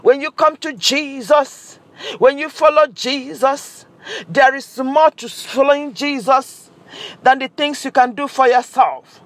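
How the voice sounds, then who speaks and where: A woman's voice: high-pitched, unhurried. A woman preaching a sermon with an impassioned, repetitive cadence, recorded close to the mic.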